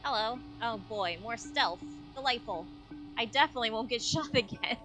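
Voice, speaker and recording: A woman with a fairly high, animated voice streams a game live at a moderate pace, chatting playfully with viewers and meowing along as she plays. Her gameplay commentary sits over clearly audible game soundtrack music.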